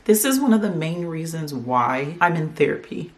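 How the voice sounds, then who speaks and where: A woman's voice: deep voice, big pitch swings, normal speed. A woman vlogger giving an earnest, tearful book review, talking straight to her viewers. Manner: earnest, emotional, addresses viewers directly. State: tearful, on the verge of crying. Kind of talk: casual emotional book review.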